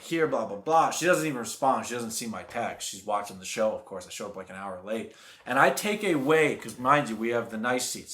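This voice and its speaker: Young male vlogger, mid pitch, rambling animated storyteller, echoey room. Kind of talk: casual storytime vlog.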